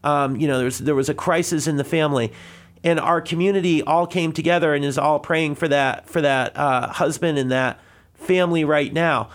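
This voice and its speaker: Man, radio guest, higher voice, slightly out of breath, earnest, rambling, studio. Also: fairly even intonation, normal speed. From Connecticut, US. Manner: earnest, rambling with many restarts. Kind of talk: answering a caller on live radio.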